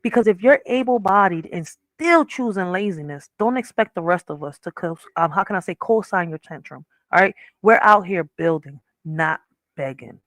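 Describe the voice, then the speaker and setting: A woman's voice: on the low side, expressive, normal speed, fairly bright tone, no echo, rough recording. A woman hosting a reaction stream, blunt and profane, ranting casually and checking in with the audience often. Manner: blunt, profane, keeps saying "all right?". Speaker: streamer host.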